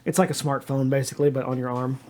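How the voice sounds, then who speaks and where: A man narrating a tabletop game as its game master, stumbling through descriptions with many restarts and fillers. His voice sits at a middle pitch. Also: fairly even intonation, fast talker, darkish tone, slight background noise.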